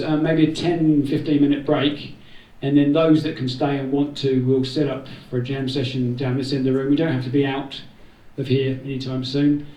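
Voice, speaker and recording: Warm and medium-pitched, a man's voice delivers the organiser's casual thanks to a gathering, rambling a little and adding jokes. The setting is an indoor community room, recorded from a distance in its roomy space.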